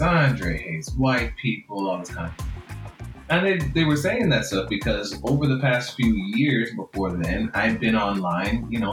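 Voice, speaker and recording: A man with a Jamaican accent, a book author talking frankly and reflectively in an interview, often laughing. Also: lowish voice. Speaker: author guest. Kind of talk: interview conversation. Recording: roomy room with faint music.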